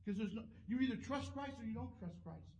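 A man's voice: very high-pitched, fast talker, a little mellow. A male pastor preaching a sermon, telling a story and leading a prayer, with frequent restarts and repeated words.

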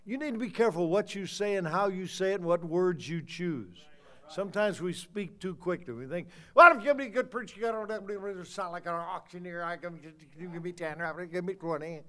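An older man preaches with fire, his high, clear voice dropping to a low mutter and then rising to shouts. He leans on key words and stretches them out, pressing his point hard. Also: a little fast. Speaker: pastor. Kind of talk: fiery sermon.

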